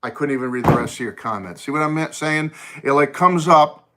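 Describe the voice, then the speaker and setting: Bright-voiced chatty live-stream host. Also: male voice, medium pitch, a little fast. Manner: chatty and rambling, greets viewers by name, thinks aloud. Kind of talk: casual live chat with viewers. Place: home music room. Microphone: phone.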